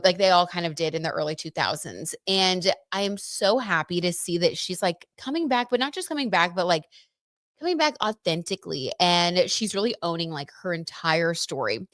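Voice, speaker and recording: A woman's voice: on the low side, a bit bright, no room sound, clean studio sound. A young woman hosting a casual livestream, chatting about tarot and celebrity gossip with lots of "like" and "you know.".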